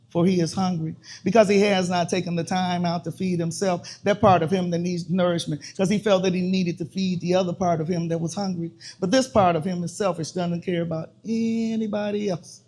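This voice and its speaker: A man performing a spoken word poem at an open mic in a bar, slow and deliberate with heavy pauses and a repeated refrain. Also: high voice, darkish tone.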